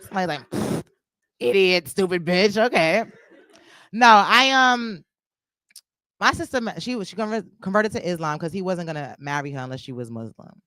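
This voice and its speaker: A woman's voice: on the low side, animated, brisk, pushed and bright, no room sound. A woman doing a stand-up comedy set on a club stage, crude and loose, teasing the crowd, with a New York accent.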